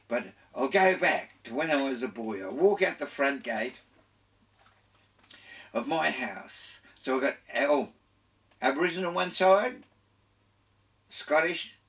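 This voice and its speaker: A man's voice: mid-range voice, pushed and bright, distant mic. An older man with an Australian accent, a radio guest telling his life story in a rambling way, full of restarts and laughter.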